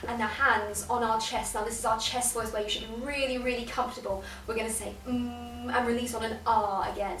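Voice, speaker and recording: Upbeat young British woman leading a drama warm-up. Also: a little high, a little fast, hardly any pauses, recorded from a distance. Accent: British English. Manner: upbeat, instructive, playful vocal sounds. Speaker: drama teacher. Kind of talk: guided warm-up lesson. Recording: echoey room, voice from off-mic.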